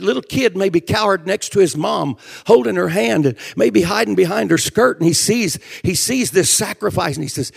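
Older man, preacher, gravelly, high-pitched, fervent sermon, shouts then hushed storytelling, emotional. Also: normal speed, hardly any pauses. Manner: fervent, swings between shouting and quiet storytelling.

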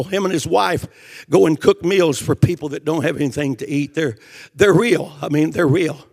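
Gravelly older preacher, shouting fervently. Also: male voice, fairly high pitch. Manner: fervent, swings between shouting and quiet storytelling. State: emotional. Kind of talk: sermon.

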